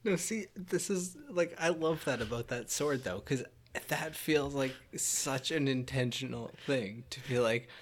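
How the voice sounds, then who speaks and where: A man's voice: medium pitch, a little slow. A young man co-hosting a casual gaming chat, joking and rambling, often restarting his sentences. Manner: joking, rambling, self-interrupting. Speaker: podcast co-host.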